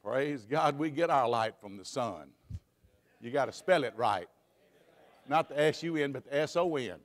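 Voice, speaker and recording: A man preaching a sermon in a church, swinging between fervent shouts and hushed asides. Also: medium pitch, animated, normal speed. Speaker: pastor. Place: church sanctuary. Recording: long hall reverb.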